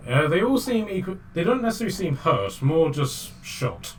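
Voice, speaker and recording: A man's voice: fairly high pitch, huge pitch swings, moderate pace, a little hiss or hum. A man narrating a tabletop game as game master, casual and hesitant with many fillers.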